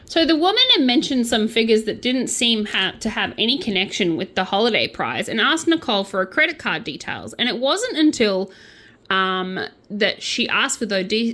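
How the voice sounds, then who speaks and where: Playful woman with a lively voice. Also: medium pitch. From Australia. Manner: playful, jokey asides, breaks into mock accents. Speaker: vlogger. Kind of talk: casual true-crime chat while crocheting.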